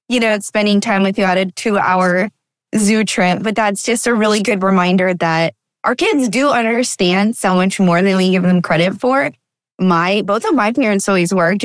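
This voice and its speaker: A woman hosts a podcast, chatting casually with her guest. Her voice has a middling pitch and sounds dry and close to the mic. She responds warmly and affirmingly, easily moved by the stories she hears. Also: dry recording. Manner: warm, affirming, emotionally responsive. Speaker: podcast host. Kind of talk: casual interview chat.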